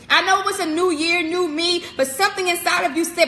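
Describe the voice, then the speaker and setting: Woman, inspirational speaker, high voice, emphatic repeating cadence, long reverb. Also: normal speed, bright, forceful tone. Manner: emphatic, repetitive preaching cadence, direct address. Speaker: motivational speaker. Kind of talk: live-streamed inspirational message.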